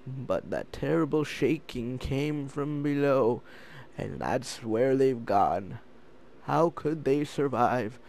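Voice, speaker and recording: A man's voice: mid-range voice, slow pace, creaky, a little mellow. A man voicing a worried male scientist who warns of danger, in an earnest, solemn reading. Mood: anxious.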